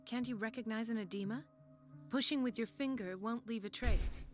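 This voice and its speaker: A woman's voice: fairly high pitch, moderate pace, faint music behind, natural voice. An actress voicing a principled female doctor who speaks earnestly and firmly in a video game. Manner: earnest, firm. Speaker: physician.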